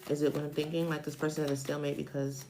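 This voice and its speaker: A woman's voice: low voice, flat delivery, very fast, noisy background. A woman in her forties giving a casual, chatty tarot reading on a live stream, thinking aloud and wandering off topic. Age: 40s. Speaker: tarot reader.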